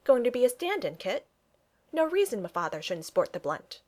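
A woman voicing a blunt, good-natured young Regency gentleman who talks in clipped phrases and drops his pronouns. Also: fairly high pitch, sing-song, normal speed, pitched above the performer's own voice. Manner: clipped speech, dropped pronouns.

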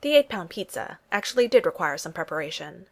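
A woman narrating a story as an even, steady reader. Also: lowish voice, brisk. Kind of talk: storybook reading.

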